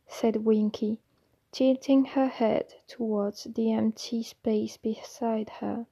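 Slow, halting woman reading a storybook. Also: a little high, fairly even intonation, gravelly, warm tone, breathy edge, dry recording. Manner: halting, with slips and restarts. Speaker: audiobook reader.

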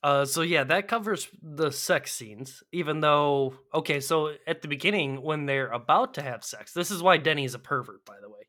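A man talks through a bad movie with a co-host in loose, profane chat. His voice sits a bit high and sounds bright and forceful. He gets animated and laughs often. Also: moderate pace, hardly any pauses. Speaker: podcast co-host. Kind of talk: casual movie-review chat.

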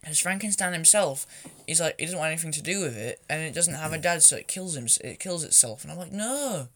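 A woman's voice: low voice, lively intonation, brisk, fairly bright tone. Giggly young woman chatting casually. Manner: giggly, chatty, does silly voices. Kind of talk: casual chat.

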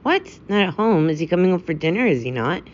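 Figure: pompous old male general read by a woman. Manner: gruff, commanding. Pitch: low. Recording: slightly dull lo-fi audio. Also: very animated, quick pace, a little mellow, a little hiss or hum. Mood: imperious.

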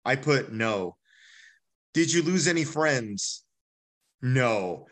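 A man's voice: mid-range voice, expressive, extremely slow, fairly bright tone. A man, an army veteran, is a podcast guest telling a personal story candidly and bluntly, acting out the dialogue in a casual way. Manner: blunt and casual, acts out dialogue, says "bro".

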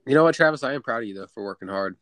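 A man with a mid-pitched voice hosting a podcast, trading teasing, joking banter in casual talk. The recording is dry and close to the mic. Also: lively intonation, racing, a bit bright, dry recording. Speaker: podcast host. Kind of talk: casual chat.

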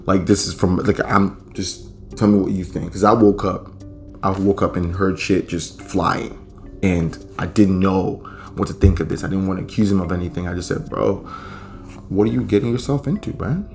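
A man's voice: deep voice, level tone, moderate pace, soft background music. A young man hosting a podcast, telling a story in a laid-back, profane, rambling way. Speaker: podcast host. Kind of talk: casual storytelling.

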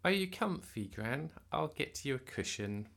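A man voicing a sweet, sly young girl who asks soft, sugary questions, reading a children's story aloud. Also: medium pitch, very animated, a little slow, vocal fry, pitched above the performer's own voice, full character voice.

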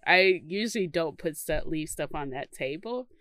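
Chatty low-voiced woman, lively delivery. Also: moderate pace, no echo. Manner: chatty, swears freely, lots of "like" fillers. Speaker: podcast co-host. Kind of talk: casual chat.

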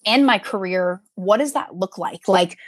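A woman's voice: mid-range voice, measured pace, no room sound, studio quality. A woman co-hosting a podcast, speaking in an effusive, heartfelt way and often restarting her sentences. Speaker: podcast co-host. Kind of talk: casual podcast chat.

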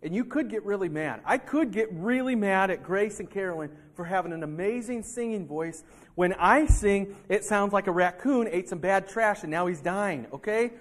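His voice sits high, and he keeps a moderate pace while preaching a sermon in a church sanctuary. The male pastor is animated, acting out heated arguments and quotes between people.

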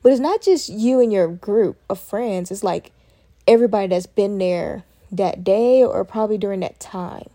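Chatty woman podcaster, mellow voice. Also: mid-range voice, normal speed. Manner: chatty, lively, uses y'all and Southern phrasing. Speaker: podcast host. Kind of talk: casual solo podcast chat.

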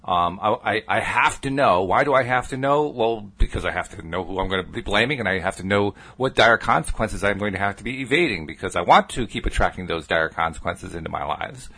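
A man hosting a podcast who steers the conversation back to the topic in a thoughtful, measured way. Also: on the low side, expressive, pushed and bright, husky. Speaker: podcast host. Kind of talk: casual conversation.

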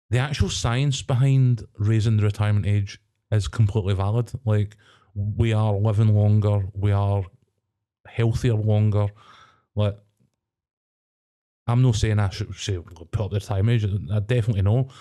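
Brief: young Scottish podcast co-host, low mellow voice, rambling and animated. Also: male voice, normal speed, smooth. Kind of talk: casual chat.

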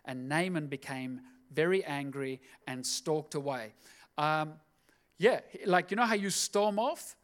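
Brief: male pastor, high pitched, casual sermon with playful asides. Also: unhurried, fairly bright tone. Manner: chatty, jokey asides.

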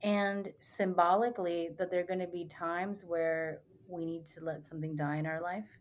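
A woman's voice: lowish voice, fairly even intonation, moderate pace, slight background noise. A young adult woman, a spiritual retreat guide, telling stories earnestly in a casual podcast talk with many fillers. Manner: earnest, rambling, filler-heavy storytelling.

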